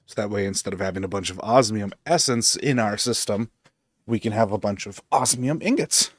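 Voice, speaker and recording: A man's voice: fairly low pitch, brisk, dry recording, clean studio sound. A man streaming a game, talking casually and rambling as he thinks aloud with lots of fillers. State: hiccups. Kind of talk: casual gameplay commentary.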